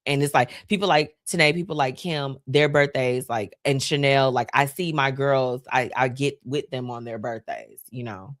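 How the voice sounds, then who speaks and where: A woman's voice: rumbling low, normal speed, few pauses, dry recording, studio quality. A woman hosting a live stream, talking casually and emotionally about her friends. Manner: chatty, heartfelt, emotional. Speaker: host.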